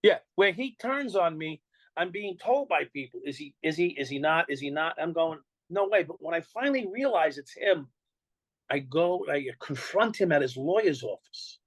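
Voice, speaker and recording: An older man with a New York accent tells his story in an interview, speaking bluntly and swearing freely as he acts out what people said to him. His voice sits a little high for a man. The sound is dry and close. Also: lively intonation, moderate pace, no room sound, low-quality recording. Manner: blunt, profane, acts out quoted dialogue. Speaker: interview guest.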